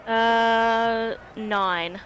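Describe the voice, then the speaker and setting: A woman playing a tabletop game, sometimes speaking gently and motherly in character. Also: a little high, fairly even intonation, drawn-out words. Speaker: player. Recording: faint background noise.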